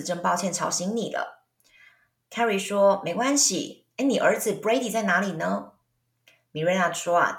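A woman's voice: lowish voice, fairly bright tone, reverberant. A woman teaching English phrases in a bilingual lesson, explaining them and reading parts aloud. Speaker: language teacher.

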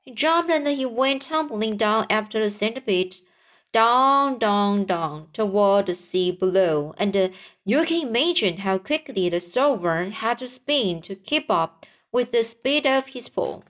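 A woman reading a children's book aloud, slowly and carefully, with small restarts and repeated words, raising her voice for the characters' lines. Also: medium pitch, animated, a bit bright. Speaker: reader.

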